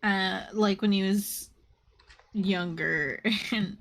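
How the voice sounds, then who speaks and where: This woman's mid-range voice moves very slowly as she chats on her stream, retelling scenes from movies with frequent laughs and a casual curse here and there.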